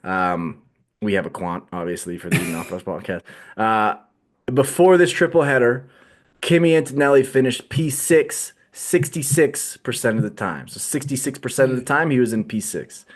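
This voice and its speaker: A man's voice: medium pitch, normal speed. A man co-hosting a podcast, chatting casually and joking with frequent laughs. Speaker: podcast co-host. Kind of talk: casual chat.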